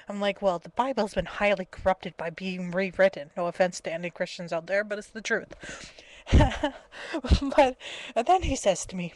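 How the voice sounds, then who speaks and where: A woman's voice: medium pitch, animated, normal speed, no room sound. A woman in her twenties telling a story in a casual, exasperated webcam rant, often breaking into laughter. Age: 20s. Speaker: vlogger. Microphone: webcam mic.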